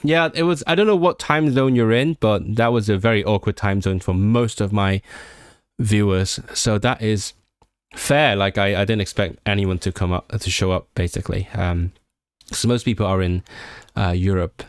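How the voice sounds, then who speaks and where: A man in his late twenties from Hong Kong, hosting a livestream and chatting casually and excitably with viewers, often restarting his sentences. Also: on the low side, normal speed, clean tone, no echo, studio quality. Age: late 20s. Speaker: livestream host. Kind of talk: casual chat with stream viewers.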